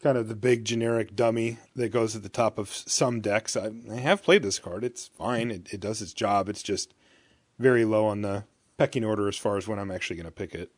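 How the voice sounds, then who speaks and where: A man co-hosts a podcast, leading a casual chat about a card game and reading out the card text. His voice is fairly low and a little fast, with no room sound.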